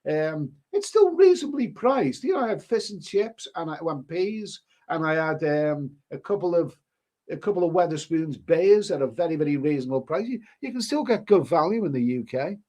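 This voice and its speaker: A man's voice: a little high, very animated, normal speed, warm tone. Scouse man chatting on a live stream. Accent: Liverpool (Scouse). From Liverpool, England. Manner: chatty, rambling, frequent restarts, says "mate". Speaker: travel vlogger hosting a live stream. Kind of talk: casual live-stream chat reading viewer comments.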